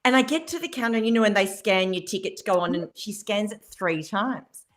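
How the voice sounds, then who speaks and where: A woman, a radio guest telling a story in lively fashion, acting out what people said. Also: mid-range voice, fairly quick, slight background noise. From Australia. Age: 50s. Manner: animated storyteller acting out quotes, laughing.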